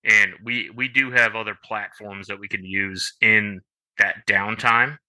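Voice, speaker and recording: A man co-hosting a podcast in casual chat, halting and full of "you know" fillers. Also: lowish voice, steady tone, bright, forceful tone, dry recording. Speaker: podcast co-host.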